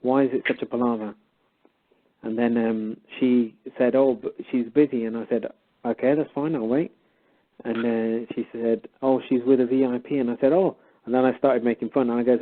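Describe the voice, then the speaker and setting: This caller has a medium-pitched voice and talks a little fast. Heard through a phone line, he's sharing a casual story on a call-in program, acting out what each person in the exchange said.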